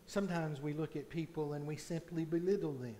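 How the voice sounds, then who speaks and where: A man preaching a sermon as pastor in a church, slow and deliberate, swelling loud on key points. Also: fairly high pitch, fairly even intonation, slight background noise. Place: church sanctuary.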